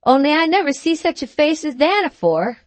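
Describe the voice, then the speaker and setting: A woman voicing a blunt young cockney manservant with a gruff, threatening manner. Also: high-pitched, very animated, brisk, no echo, voice pushed up. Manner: gruff, threatening, dropped aitches and 'werry'.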